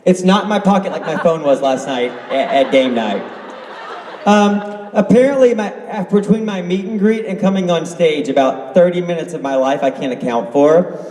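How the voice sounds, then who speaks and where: High-voiced joking man in a hall. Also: normal speed, a little mellow. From Canada. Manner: playful, joking, laughing. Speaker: actor on a convention panel. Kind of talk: joking panel banter. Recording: echoey hall from a distance.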